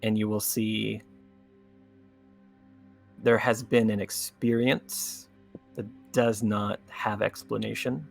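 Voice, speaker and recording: A man's voice: on the low side, little pitch movement, takes it slowly, vocal fry, long pauses, faint music behind. A man playing a tabletop game, talking casually and loosely with fillers. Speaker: player.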